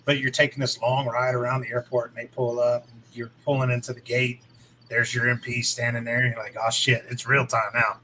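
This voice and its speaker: A man's voice: medium pitch, monotone, fairly quick, sharp tone, a little hiss or hum, rough recording. A man co-hosting a casual chat, telling a long, explanatory story about basic training.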